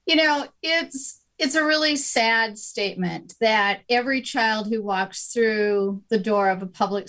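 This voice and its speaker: Slow, earnest woman guest. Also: mid-range voice, a bit bright. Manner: slow and earnest, with many fillers. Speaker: education advocacy organizer. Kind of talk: interview answers.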